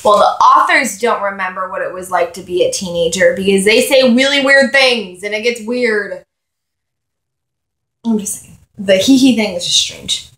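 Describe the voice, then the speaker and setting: A woman's voice: mid-range voice, normal speed, fairly bright tone. A woman giving a casual chapter review of a novel, reading passages aloud between wry, sarcastic asides. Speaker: book reviewer. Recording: echoey room.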